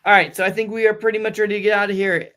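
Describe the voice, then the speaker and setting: A fairly high-voiced man runs a loose live-stream review session. He talks casually, reels off long lists of names for shout-outs, and trips over hard names with quick apologies. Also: little pitch movement. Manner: chatty, rattling off viewer shout-outs. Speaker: AP exam review host.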